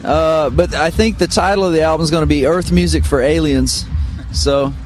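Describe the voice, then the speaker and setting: A middle-aged man from Missouri, a guitarist guest, telling relaxed, rambling stories full of fillers in an interview. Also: a little high, moderate pace, soft background music. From Missouri, United States. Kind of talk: casual interview storytelling. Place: radio studio.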